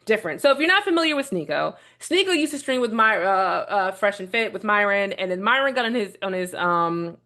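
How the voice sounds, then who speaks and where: A woman's voice: mid-range voice, a little fast, few pauses. A woman hosting a casual video commentary, talking bluntly with strong opinions and swearing freely as she rambles through her points. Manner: rambling with restarts, animated retelling. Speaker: vlog host reviewing a documentary.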